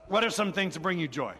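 Bright-voiced pastor in a reverberant hall. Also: male voice, high-pitched, breathy edge. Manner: joking, chatty, frequent fillers and restarts. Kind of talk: conversational sermon with congregation back-and-forth. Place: large church sanctuary. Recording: long reverb of a large hall.

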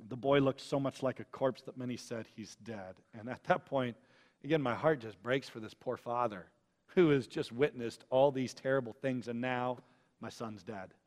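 A man preaching a sermon in a lively storytelling way, swinging from loud emphatic lines to hushed, quiet ones. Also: mid-range voice, moderate pace, big-room sound.

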